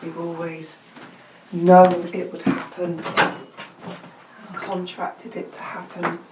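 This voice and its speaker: A woman, a spiritual healer, leading a hushed, slow channeled session over a video call and then chatting casually with her client. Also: lowish voice, monotone, heavy background noise. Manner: soft, slow, hushed incantations. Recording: roomy echo.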